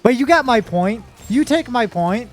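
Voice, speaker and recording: A woman streamer chats casually with viewers while she games, rambling and emotional and breaking into sudden frustrated outbursts. Her voice is fairly high with lively intonation at a moderate pace, over soft background music.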